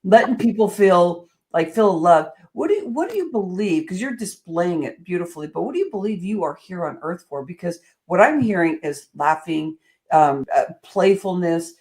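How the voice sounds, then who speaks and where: Woman podcast host, warm and effusive, casual interview chat. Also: on the low side, lively intonation, moderate pace.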